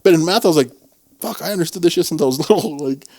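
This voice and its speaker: A man's voice: on the high side, fast, a little mellow. A man co-hosting a podcast in casual chat, swearing and laughing as he tells work stories. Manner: swearing, laughing, acts out coworkers in quotes. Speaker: podcast co-host.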